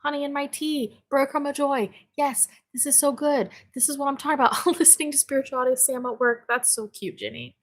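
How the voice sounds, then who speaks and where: A woman hosts a spirituality livestream at home in her office, reading comments and chatting casually; she is bubbly, exclamatory, quick to laugh and casually profane. She speaks in a high voice, fairly quick with few pauses and fairly even intonation.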